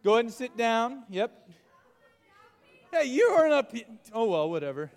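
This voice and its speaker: A man leading a youth group lesson in a playful, animated way, calling out to the crowd. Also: very high voice, normal speed, creaky. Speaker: youth pastor. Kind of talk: energetic youth group lesson with audience game. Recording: long hall reverb.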